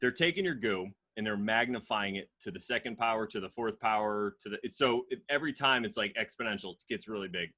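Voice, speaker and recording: A young man co-hosting a loose, joking podcast, with a bright, forward voice. He rambles through explanations and mocks himself as he goes. He grew up in Connecticut. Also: lowish voice, expressive, fast, few pauses. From Connecticut, USA. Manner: rambling, self-mocking explanations. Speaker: podcast co-host. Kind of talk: casual podcast banter.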